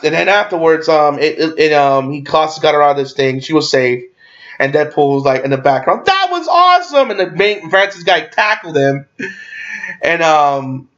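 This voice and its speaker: A man's voice: fairly high pitch, fairly bright tone. A man giving a casual movie review, rambling and swearing, with lots of fillers and restarts. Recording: dull lo-fi recording.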